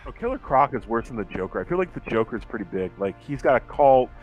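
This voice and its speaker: A man's voice: medium pitch, big pitch swings, fast, lo-fi sound, soft background music. A man hosting a casual podcast, talking sarcastically and swearing freely. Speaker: podcast host. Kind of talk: casual chat.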